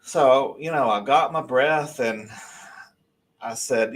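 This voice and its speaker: A man, telling a story as a guest on a live talk show, animated and rambling, with many restarts. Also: medium pitch, slow, long pauses.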